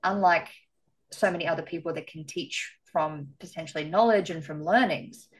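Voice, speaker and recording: A woman's voice: low-pitched, moderate pace, rough recording. A woman hosting a podcast interview, speaking in an effusive, spiritual way. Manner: warm, effusive, spiritual phrasing. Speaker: podcast host. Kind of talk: interview conversation.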